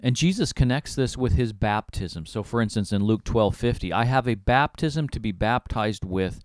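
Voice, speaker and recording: A man co-hosting a Bible discussion, speaking in a measured way and quoting scripture readily. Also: on the low side, no echo, clean studio sound. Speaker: co-host. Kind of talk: conversational Bible teaching.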